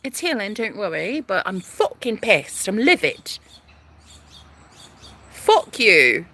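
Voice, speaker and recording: A young woman venting to her camera in a sassy, foul-mouthed vlog monologue. Her bright voice has a gravelly edge and leaps all over in pitch. She turns from loud outbursts to hushed asides. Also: very animated, moderate pace. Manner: sassy, profane, dramatic, swinging from loud to hushed. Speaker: vlogger.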